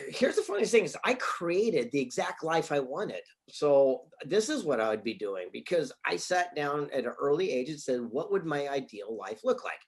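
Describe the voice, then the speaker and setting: A man, an author and speaker, answering interview questions with animated stories and acted-out dialogue from his office. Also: medium pitch. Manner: animated storyteller, acts out quoted dialogue.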